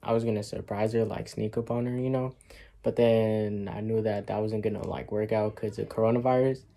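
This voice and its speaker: A man's voice: fairly low pitch, steady tone, a little fast, gravelly, warm tone, no echo. A young man vlogging casually outdoors at night, nervous and emotional, with slangy chatty talk. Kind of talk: casual vlog. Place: outdoors at night near cars. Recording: noisy outdoor street ambience.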